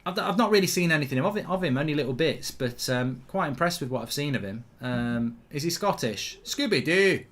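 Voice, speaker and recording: A man hosting a live football watchalong, reacting to the match and reading out viewer comments, excitable and blunt, swearing freely. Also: fairly high pitch, fairly quick, few pauses.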